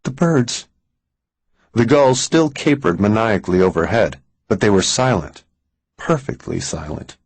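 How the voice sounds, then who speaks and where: A man narrating a suspense audiobook in a measured way, slowing down for tense moments. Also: lowish voice, big pitch swings, slightly rough, no echo, poor audio. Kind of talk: scripted narration.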